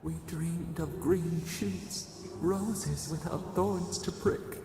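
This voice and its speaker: Ancient caged deity, mournful, vengeful, unhurried; roomy reverb, score underneath. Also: male voice, fairly high pitch, steady tone, vocal fry, mellow, a little hiss or hum, exaggerated voice. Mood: anguished. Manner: slow, grave, speaks as "we". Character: ancient imprisoned godlike being, sorrowful and vengeful. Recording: game audio, reverberant, music behind.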